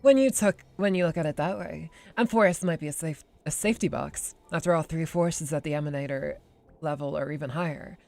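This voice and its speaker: A man's voice: fairly high pitch, fairly quick, creaky, darkish tone. A man voicing an aloof female genius scientist with a dry, matter-of-fact delivery.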